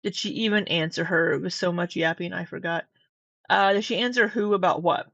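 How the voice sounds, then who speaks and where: A woman's voice: lowish voice, brisk, vocal fry, fairly bright tone, dry recording, highs cut off. A woman hosting casual commentary, chatty and gushing with rambling asides. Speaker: commentary host.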